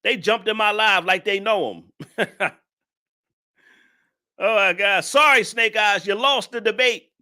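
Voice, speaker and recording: A man's voice: high voice, a little slow, pauses often, bright, forceful tone. A man hosting a live stream reaction, talking to his chat in a mocking, laughing way.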